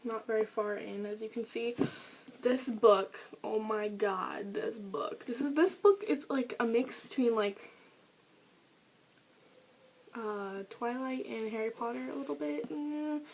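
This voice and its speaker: A teenage book vlogger with a slightly high, somewhat mellow voice chats eagerly and unhurriedly about her favorite books, gushing and using many fillers. It's a casual review vlog captured on a camera mic, low in quality with a little hiss or hum.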